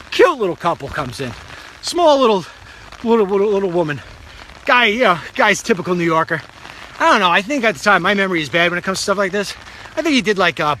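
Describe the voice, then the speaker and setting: A man's voice: high-pitched, sharp tone, slight background noise, low-quality recording. Rambling, chatty middle-aged man. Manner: chatty, self-deprecating, digressive. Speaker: talk show host. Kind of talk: rambling live storytelling. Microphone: phone.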